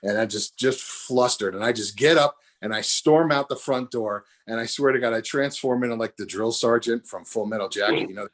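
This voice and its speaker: A man's voice: mid-range voice, normal speed, hardly any pauses. An older man, a comedian and minister, tells a rambling story with self-corrections over a video call. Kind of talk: storytelling stand-up.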